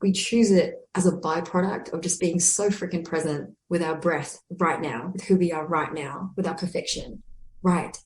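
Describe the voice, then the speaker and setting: A woman's voice: on the low side, steady tone, moderate pace. A woman breathwork teacher speaking in a casual conversation, earnest and encouraging as she explains her ideas. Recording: echoey room.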